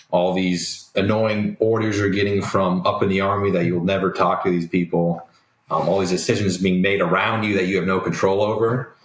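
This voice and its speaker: A young man with a very low voice speaks reflectively and at an easy pace, filling pauses with ums. He is on a remote call, and the audio sounds roomy. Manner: relaxed, reflective, many ums. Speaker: guest. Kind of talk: casual interview talk.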